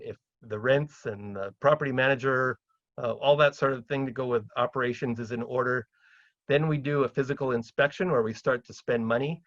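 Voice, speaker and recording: A middle-aged man from Canada giving a chatty seminar talk on property deals, often acting out phone calls in a livelier, higher voice. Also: a bit bright, dry recording, dull audio. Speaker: real estate investor speaking at a seminar.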